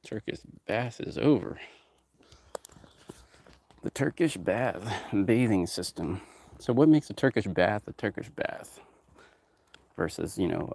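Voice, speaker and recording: In a lowish, somewhat mellow voice, a man who heads a music production company and owns a label chats casually. His talk drifts aimlessly from one thing to another, and he swears a lot.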